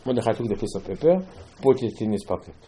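A man delivers a sermon in slightly broken. His voice is husky. He swings from loud, emphatic lines to quiet asides. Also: fairly low pitch, animated, quick pace, rough recording. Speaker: rabbi.

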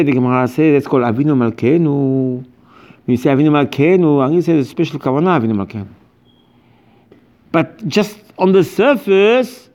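A man's voice: fairly high pitch, highs cut off. A man giving an informal religious lecture as a rabbi, speaking emphatically and animatedly in broken English with many repetitions.

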